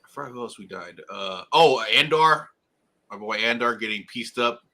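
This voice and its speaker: A man's voice: mid-range voice, animated, moderate pace, bright, forceful tone. A man co-hosting a casual TV review chat, laid-back and joking, often laughing. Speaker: podcast co-host.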